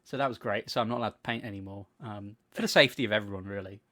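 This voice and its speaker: A man's voice: fairly low pitch, racing. Sweary man telling stories. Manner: animated storytelling, swears freely, acts out quotes. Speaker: podcast co-host. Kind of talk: casual chat.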